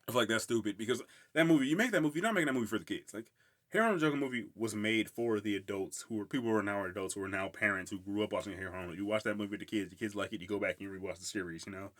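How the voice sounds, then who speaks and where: Casual podcast host, male, lower register, talks fast and loose. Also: fairly bright tone. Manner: rambling, lots of "like", laughs often. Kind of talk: casual solo commentary.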